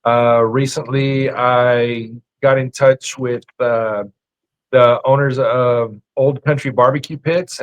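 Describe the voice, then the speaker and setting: A man's voice: mid-range voice, low-quality recording. Chef guy guesting on a podcast, laid back, lots of uh and man. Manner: easygoing, says "man" and "uh" a lot. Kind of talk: casual chat.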